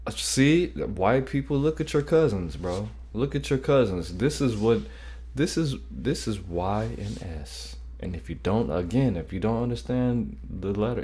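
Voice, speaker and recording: A man's voice: on the low side, mellow. A man hosting a reaction video, making loose, profane, joking asides between clips. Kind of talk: casual reaction commentary.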